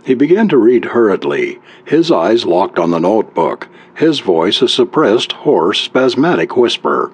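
A man reading a story aloud as an audiobook narrator, in a measured storytelling manner. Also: on the low side, very animated, breathy edge.

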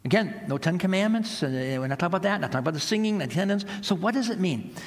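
A man preaching a sermon in a relaxed, conversational way, acting out the voices of people in the stories he tells. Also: sits high, very fast, long reverb tail. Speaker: pastor.

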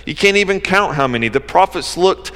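A man's voice: high-pitched, lively intonation, brisk, sharp tone. A man preaching a sermon in an earnest, conversational way, with casual asides. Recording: long hall reverb.

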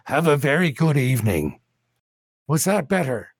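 A man's voice: mid-range voice, big pitch swings, moderate pace, vocal fry, slightly rough, no room sound, clean studio sound, exaggerated voice. A man voicing an overly courteous tavern barkeep who slips insults into his polite talk. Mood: fawning. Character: polite fawning tavern barkeep, male adult.

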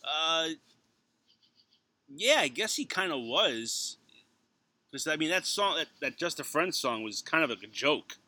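A man's voice: a little high, sing-song, measured pace, long pauses, pushed and bright, no room sound. A man co-hosting a casual podcast chat, joking and chatty, laughing as he talks. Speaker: podcast co-host.

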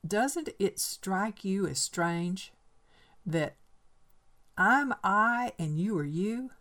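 A woman's voice: medium pitch, lively intonation, extremely slow, fairly bright tone, pitched above the performer's own voice. Woman doing eager young girl, insistent, wondering, raised voice. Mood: earnest. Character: intense twelve-year-old girl, earnest and questioning.

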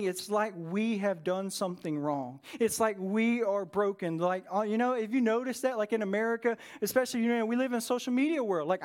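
A man preaching a conversational sermon to a church congregation, telling stories with plenty of fillers. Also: high-pitched. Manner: casual, storytelling, many fillers. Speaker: pastor. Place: church service with a live congregation.

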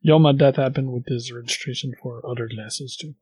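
A man co-hosting a relaxed hobby chat, hesitant, with frequent filler pauses. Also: medium pitch, slightly rough, no echo. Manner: hesitant, many uh fillers, laughs softly. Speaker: podcast co-host. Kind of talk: casual chat.

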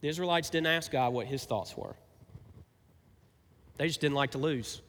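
A man's voice: on the high side, normal speed, fairly bright tone, in a large hall. A man preaching a sermon as pastor, talking conversationally and asking his listeners rhetorical questions.

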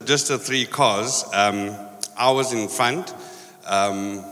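A man with a bright, forceful voice tells a story to a church congregation, animated and often laughing as he goes. His voice rings out with a long hall reverb behind it. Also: mid-range voice. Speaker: church member reporting on a mission trip.

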